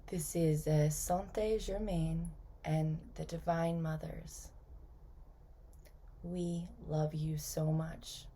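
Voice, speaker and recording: A woman channeling a gentle, loving spirit collective, speaking slowly in a soft, half-whispered voice. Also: deep voice, steady tone, a little hiss or hum. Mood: tender. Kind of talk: spoken channeling message.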